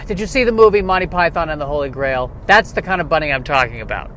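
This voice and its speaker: Man putting on an excitable senator, indignant, raised voice, insistent. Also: fairly high pitch, quick pace, slight background noise.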